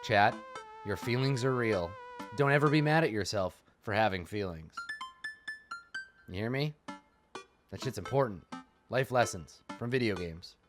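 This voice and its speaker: Brief: streamer guy, casual joking commentary to chat, lively up-and-down voice. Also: fairly low pitch, moderate pace, long pauses, faint music behind.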